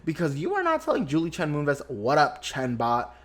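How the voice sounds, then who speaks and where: A man's voice: fairly high pitch, huge pitch swings, normal speed. A young man hosting a podcast, giving a sassy, gossipy recap of reality TV with lots of swearing and dramatic asides. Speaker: podcast host.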